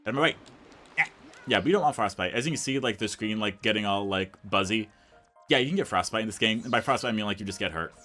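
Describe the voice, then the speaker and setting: Young guy rambling thru his gameplay, lowish voice, says "like" constantly, faint game music behind. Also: fast, sharp tone. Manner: rambling, fills every sentence with "like". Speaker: let's play host. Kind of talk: casual gameplay commentary.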